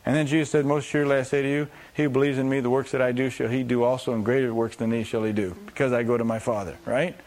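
A man's voice: mid-range voice, steady tone, fast talker, hardly any pauses, a little mellow. A man preaching a sermon, acting out scripture voices and repeating phrases for emphasis.

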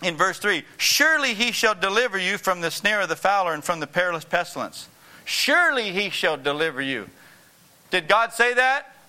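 A man's voice: high voice, sing-song, moderate pace, bright, forceful tone. A man preaching a sermon with emphatic repetition, often asking the congregation to answer back.

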